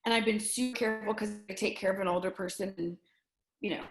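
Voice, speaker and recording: A middle-aged woman speaking earnestly and emotionally as an interview guest, often halting and restarting her sentences. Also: medium pitch, steady tone, roomy sound. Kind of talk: candid conversation.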